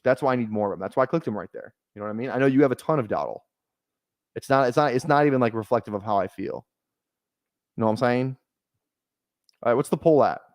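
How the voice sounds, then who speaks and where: A man's voice: medium pitch, darkish tone, no echo, studio quality. A man streaming fantasy football drafts, chatting casually in a rambling, joking, self-deprecating way. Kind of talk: casual livestream chat while drafting.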